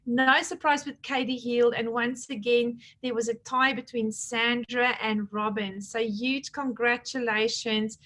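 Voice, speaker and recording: A woman's voice: a little high, steady tone, a little slow, few pauses, fairly bright tone. A middle-aged woman leading her team, chatting casually as she hands out awards and retells conversations. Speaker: team leader presenting awards.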